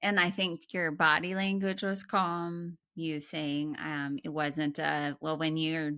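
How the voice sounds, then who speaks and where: Expressive woman co-host, bright tone with a gravelly edge, dry sound. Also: deep voice, slow, no echo. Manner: expressive, laughs often, acts out voices in examples. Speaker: podcast co-host, therapist. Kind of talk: casual chat.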